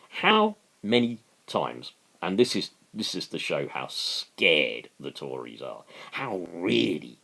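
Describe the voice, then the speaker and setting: Passionate man in a slow political rant. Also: mid-range voice, vocal fry, fairly bright tone. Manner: passionate, sarcastic, repeats words for emphasis. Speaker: political commentator.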